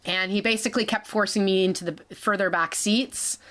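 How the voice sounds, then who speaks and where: A woman in her forties telling her own story in a halting way, with restarts and small laughs. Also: medium pitch, steady tone, a bit bright. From Canada. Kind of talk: personal storytelling.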